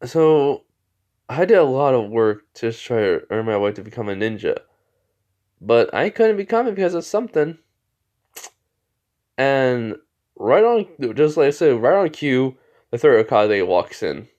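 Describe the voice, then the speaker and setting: A man's voice: mid-range voice, big pitch swings, measured pace, long pauses, a little mellow, muffled recording. Man rambling through a fan story. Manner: rambling, casual, many fillers. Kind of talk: improvised fan-fiction narration.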